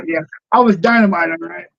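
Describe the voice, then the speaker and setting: A man's voice: sits high, a little slow, vocal fry, sharp tone, muffled recording. An older man telling wrestling stories. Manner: laughing raconteur, acts out quotes. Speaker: podcast guest, former wrestler. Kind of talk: casual storytelling.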